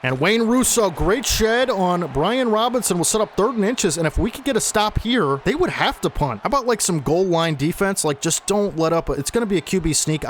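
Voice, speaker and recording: A young man giving play-by-play commentary over a football video game he is playing, excitable and talking to viewers as folks. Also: fairly high pitch, brisk, hardly any pauses, a little hiss or hum. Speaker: gaming channel host.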